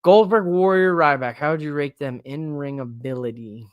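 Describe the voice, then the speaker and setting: A man hosting a live-streamed podcast in a casual, excitable, rambling way, with emphatic bursts. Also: a little high, normal speed, clean tone, dry recording, highs cut off. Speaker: podcast host.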